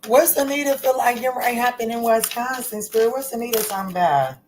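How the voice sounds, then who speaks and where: A woman's voice: a little high, quick pace, background noise. A woman giving a casual tarot reading to camera, chatty and folksy, calling listeners baby and honey and cursing freely. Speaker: tarot reader.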